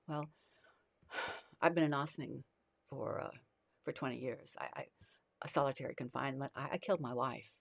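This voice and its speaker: Woman playing a pale fragile man, quiet, hesitant, soft-spoken. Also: extremely low pitch, normal speed, vocal fry, long pauses, heavily acted. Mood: subdued. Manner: subdued, hesitant.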